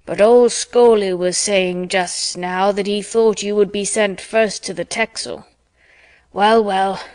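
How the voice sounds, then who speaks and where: Woman reading a hearty, blustering older sea-dog father, rapid and loud; storybook voice. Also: mid-range voice, dry recording, natural voice.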